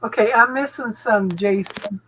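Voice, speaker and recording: A woman's voice: mid-range voice, a little slow, fairly bright tone, slight background noise, poor audio. A woman hosting a spiritual chat, reading intuitive messages aloud in a distracted, murmuring way. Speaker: spiritual reader and channel host. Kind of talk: casual chat while doing a reading.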